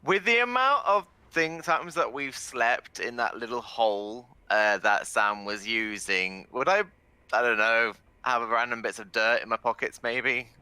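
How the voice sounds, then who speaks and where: A man's voice: medium pitch, a little slow, sharp tone, smooth, no room sound. A man playing a tabletop game, talking in a rambling, hesitant way and laughing often. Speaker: player. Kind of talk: casual tabletop game chat.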